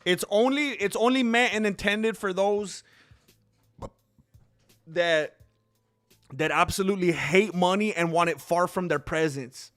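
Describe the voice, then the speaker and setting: A man's voice: high voice, unhurried, pauses often, fairly bright tone, no echo, soft background music. A man hosting a casual live stream, joking and thanking donors as he reacts to the fights. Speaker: livestream host reacting to fights.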